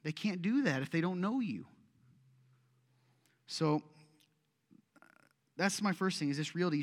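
A man preaching a sermon as pastor, animated and putting pointed questions straight to the congregation in a church. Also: on the high side, unhurried, pauses often, in a large hall. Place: church sanctuary.

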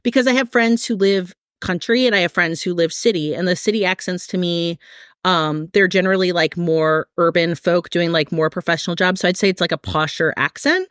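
A woman's voice: fairly low pitch, fairly quick, fairly bright tone, no room sound, clean studio sound. A woman co-hosting a podcast, chatting casually with lots of fillers and careful hedging. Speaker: podcast co-host. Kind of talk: casual chat.

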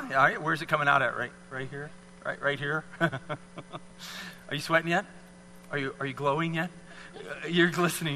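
A man's voice: a little high, pushed and bright, long reverb tail. A man leading a live fitness demonstration for an audience, coaching volunteers with encouraging, repeated cues. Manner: encouraging, coaxing, repetitive cues.

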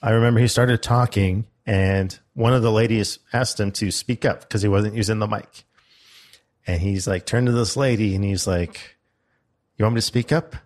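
Low-voiced man telling a story. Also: fairly even intonation, moderate pace. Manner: storytelling, quoting a loud instructor in his telling. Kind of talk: casual chat.

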